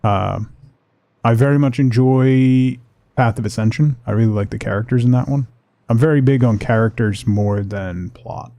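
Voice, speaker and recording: Creaky, mellow-voiced male streamer. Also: medium pitch, normal speed, no echo. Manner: relaxed, rambling, talks to chat. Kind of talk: casual livestream chat while gaming.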